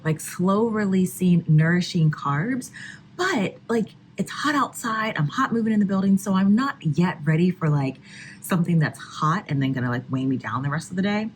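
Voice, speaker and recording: A woman's voice: on the low side, animated, moderate pace, slight background noise. Chatty woman, casual home-kitchen food vlogger, loose and conversational. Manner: chatty, lots of "like" fillers. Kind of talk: casual cooking vlog.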